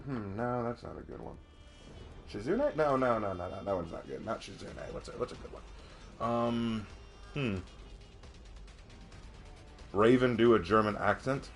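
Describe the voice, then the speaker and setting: A man streaming gameplay, reading chat aloud and thinking out loud as he plays, chatty and quick to laugh. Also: on the low side, soft background music. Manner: chatty, excitable, laughs often, talks to himself. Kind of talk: live gameplay commentary.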